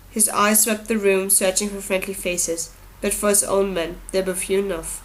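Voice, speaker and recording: A woman narrating an audiobook in a steady, even storytelling manner. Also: medium pitch, moderate pace, poor audio. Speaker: audiobook reader.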